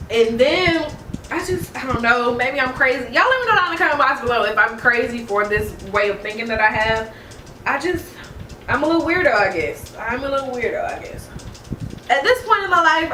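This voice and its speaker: A woman's voice: fairly high pitch, sharp tone, slight background noise. A young woman chatting emotionally during a get-ready-with-me video, confiding and repeating herself while holding back tears. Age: young adult. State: tearful. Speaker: beauty vlogger. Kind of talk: casual get-ready-with-me chat. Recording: echoey room, mic a bit far.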